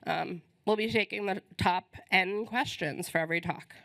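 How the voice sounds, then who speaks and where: A woman's voice: mid-range voice, moderate pace, vocal fry, fairly bright tone, dry recording. A woman opens a conference on a stage microphone, her voice strained as she loses it. She talks in a friendly, informal way with frequent ums. The sound is dry and close. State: losing her voice. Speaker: conference host. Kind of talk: conference welcome announcements. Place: conference hall.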